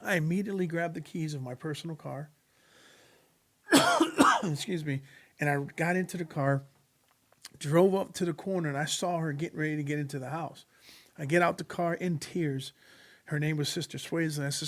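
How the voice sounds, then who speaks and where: A man shares his personal faith testimony as a podcast guest in casual conversation, earnest and preacherly, acting out the voices of people in his story. His voice is a little high with fairly even intonation, at normal speed with long pauses.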